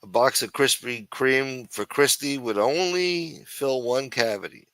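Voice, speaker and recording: A man's voice: medium pitch, a little slow, fairly bright tone, no room sound. A man hosting a casual livestream show, rambling and teasing with plenty of profanity. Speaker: show host.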